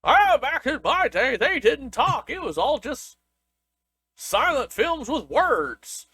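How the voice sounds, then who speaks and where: A man's voice: extremely high pitch, very animated, bright, forceful tone, dry recording, voice pushed up, exaggerated voice. A man voicing a grumbling old man who looks back on the old days in a crotchety way. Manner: crotchety, slow.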